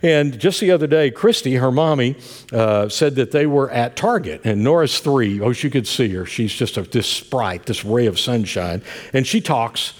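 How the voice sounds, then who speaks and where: An older man with an Appalachian accent preaching a sermon, telling folksy family stories with warm asides. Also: medium pitch, animated, normal speed. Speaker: pastor.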